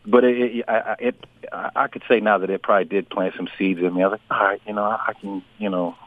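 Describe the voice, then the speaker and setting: A man calling in as a radio guest, telling his story in an earnest, halting way with many restarts. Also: on the low side, lively intonation, creaky, dry recording. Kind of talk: phone interview testimony. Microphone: phone. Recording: tinny phone line.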